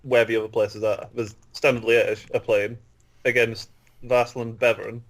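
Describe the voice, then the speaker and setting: A man's voice: medium pitch, little pitch movement, moderate pace. A man, a guest on a football podcast, talking in a hesitant, wry and self-deprecating way. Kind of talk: casual football chat.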